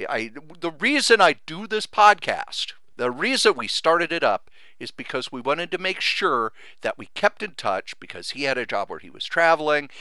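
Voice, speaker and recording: A middle-aged podcast host gives a heartfelt thank-you monologue, rambling earnestly and sentimentally about his friends until he grows emotional. His mid-range voice is bright, forceful, clear, and resonant, and the recording is dry.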